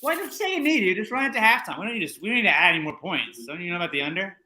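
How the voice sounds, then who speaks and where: A man's voice: high-pitched, big pitch swings, very fast, sharp tone. A man co-hosting a sports watchalong stream, joking and chatting casually about the game. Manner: joking, cheers on his team. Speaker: podcast co-host.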